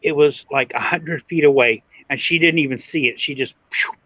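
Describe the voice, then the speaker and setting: A man co-hosting a podcast, telling a story in an animated way and swearing freely. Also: a little high, moderate pace, no room sound, lo-fi sound. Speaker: podcast co-host. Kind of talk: casual storytelling.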